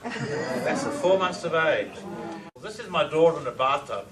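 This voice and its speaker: A man giving a lively presentation to an audience, often asking them questions. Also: fairly high pitch, unhurried, crowd noise. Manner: enthusiastic, asks the audience questions. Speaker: lecturer on reverse speech. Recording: echoey room, distant mic, faint noise.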